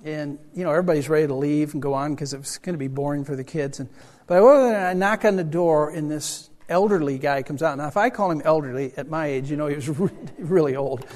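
An older man preaching a sermon as a pastor. He tells a personal story in a chatty, animated way, with self-deprecating humor. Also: a little high, fast. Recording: reverberant hall sound.

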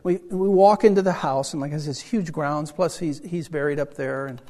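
Chatty older pastor in an echoing hall. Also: male voice, fairly high pitch, brisk. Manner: chatty and animated, with self-deprecating humor. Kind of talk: storytelling sermon. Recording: reverberant hall sound.

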